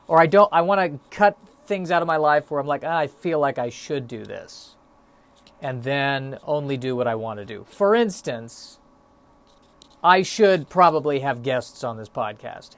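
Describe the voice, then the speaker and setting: A man's voice: fairly high pitch, lively intonation, measured pace. A young man hosting a solo podcast, musing in a stop-start, self-deprecating way with lots of fillers, a little out of breath. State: a bit out of breath. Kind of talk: rambling solo podcast monologue.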